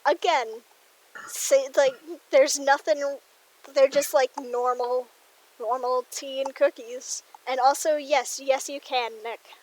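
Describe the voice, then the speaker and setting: A woman's voice: high voice, steady tone, slow pace, rough recording. A woman running a tabletop role-playing game as game master, talking casually with many fillers.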